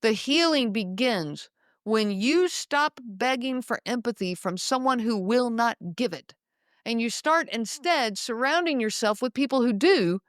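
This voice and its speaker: A woman hosting a podcast, talking in a measured, explanatory monologue and slowing down to stress key words. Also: a little high, animated, dry recording, clean studio sound. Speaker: podcast host.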